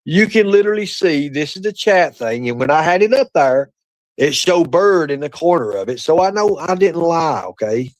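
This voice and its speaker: A man streaming live, with a voice that moves through a wide pitch range and sits a little high. The mic sound is dry and close. He talks in a profane, mocking way and swings from low mutters to loud, high outbursts. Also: lively intonation, normal speed, no echo, low-quality recording. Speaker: livestream host. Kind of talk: casual livestream chat. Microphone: streaming setup.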